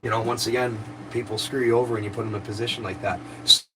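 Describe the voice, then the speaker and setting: A man's voice: medium pitch, little pitch movement, fast, few pauses, noisy background. Profane man venting to viewers. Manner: profane, rambling, aggrieved. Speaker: live streamer. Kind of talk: casual storytelling to viewers.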